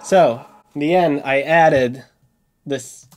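A young man talking casually as he works in his home music studio, thinking out loud about each step of composing. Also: fairly high pitch, slow pace. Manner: relaxed, thinking aloud while composing. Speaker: music composer and video host. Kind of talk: casual studio vlog narration.

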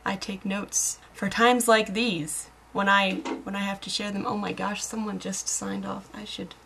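A young woman from America rambles to her webcam in a casual video blog. Her voice sits at a middle pitch, jumps up when excited and sinks into quiet murmurs at her own jokes. A faint hum lies behind her. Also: gravelly. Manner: rambling, self-mocking, giggly, drops to murmurs. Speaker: vlogger.

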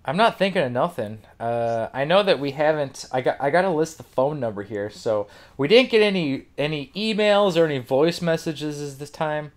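A man with a slightly high voice tells a story on a casual podcast, swearing freely and laughing as he goes. He rambles, restarts sentences and piles up loose asides. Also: lively intonation, moderate pace, hardly any pauses. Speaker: podcast host.

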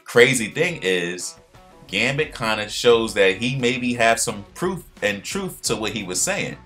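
A man casually recapping a cartoon episode, retelling scenes with slang and fillers and acting out quoted lines in a higher voice. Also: animated, measured pace, a bit bright, faint music behind. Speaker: pop culture commentator.

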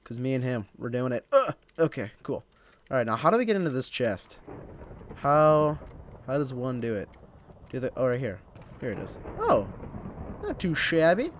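A man's voice: mid-range voice, wildly swooping pitch, moderate pace, long pauses, a little hiss or hum. A young man from Illinois hosting his gaming channel, rambling casually to himself and the viewers while he plays. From Illinois, United States. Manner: rambling, chatty, self-talking while playing. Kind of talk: casual gameplay commentary.

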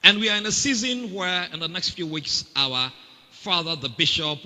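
A man preaching a sermon in a Ghanaian English accent, animated and calling out to the congregation for responses. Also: on the high side, moderate pace, big-room sound, a little hiss or hum.

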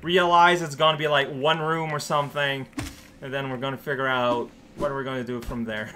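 A man's voice: medium pitch, little pitch movement, fairly quick, pushed and bright. A man giving casual, playful commentary while playing a video game, rambling and talking to himself and to the characters on screen. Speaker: let's play host. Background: game music.

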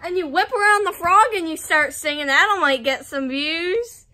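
A woman's voice: very high voice, normal speed, sharp tone, slight background noise. A young woman bantering with her father at home, bossy and teasing as she directs the filming. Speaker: vlogger's daughter. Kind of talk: casual family banter.

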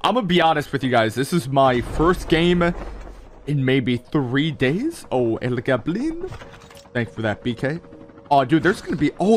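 A man's voice: medium pitch, a little hiss or hum, low-quality recording. A young man streaming a mobile shooter, giving hyped play-by-play commentary and talking straight to his chat with lots of exclamations. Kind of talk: excited gameplay commentary.

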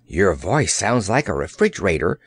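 Man reading as a little storybook girl, high-pitched, earnest and outspoken. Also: sing-song, unhurried, no room sound. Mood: sorry. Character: frank, plucky little girl.

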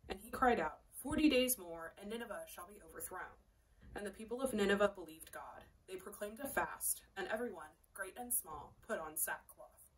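A woman's voice: mid-range voice, fairly quick, a bit bright. Woman reading scripture from afar. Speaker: lector. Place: church sanctuary. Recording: distant mic in church.

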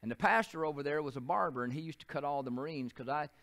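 A man's voice: a little high, fast, fairly bright tone. An older man with a Southern US accent, preaching a sermon as a pastor in a church, telling folksy stories and often repeating and restarting his phrases.

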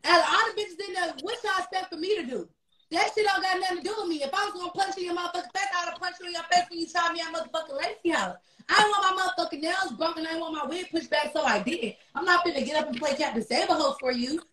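A woman's voice: very high voice, very fast, pushed and bright, roomy sound. A woman ranting in angry, defiant casual talk, swearing constantly.

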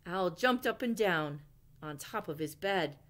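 A woman librarian reading a picture book aloud at storytime, gentle and expressive, asking her listeners questions along the way. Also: fairly low pitch, unhurried.

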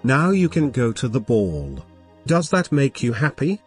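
Picture a kindly fairy godmother from a bedtime storybook, as a man reads her lines. She speaks gently and soothingly in a plain mid-pitched voice. Faint music plays softly underneath. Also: huge pitch swings, a little slow, slightly rough, exaggerated voice.

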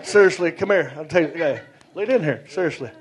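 A man's voice: on the high side, lively intonation, a little fast, a crowd in the background, lightly acted, poor audio. A man voicing a sly, insistent male coworker who mutters with his mouth hanging open, on a comedy club stage. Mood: conspiratorial. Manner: leaning in, insistent, conspiratorial mutter. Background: audience laughter.

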